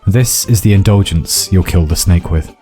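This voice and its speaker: A man voicing a gruff, secretive, hard-drinking old woman who talks in a dry, curt, mumbling way. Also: sits low, moderate pace, mellow, faint music behind, lightly acted. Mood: dry, offhand.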